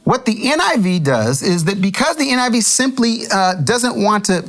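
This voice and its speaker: Male Bible study host with a lively, up-and-down delivery; chuckling, conversational teacher. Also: high voice, moderate pace, faint music behind. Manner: animated, chuckling, restarts mid-thought.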